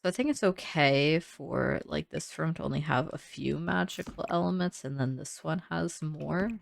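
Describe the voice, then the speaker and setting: A woman's voice: deep voice, normal speed, gravelly, dry recording. A young woman casually thinking aloud while she builds in a game, chatty and full of "like"s. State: sleepy, yawning. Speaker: gaming creator building in a life sim.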